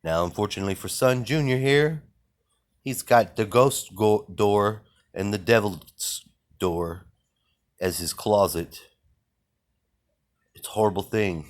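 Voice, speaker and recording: A man with a very low, deep voice rambles through a defiant, profanity-laced monologue. He jumps from one thought to the next and swears constantly as he rants. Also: unhurried, long pauses. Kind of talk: ranting monologue.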